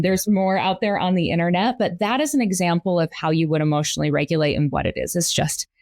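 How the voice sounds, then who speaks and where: Middle-aged woman therapist, lowish voice, calm and explaining, dry close sound. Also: no room sound. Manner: calm, explanatory, with soft filler pauses. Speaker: marriage and family therapist, guest. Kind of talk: casual interview talk.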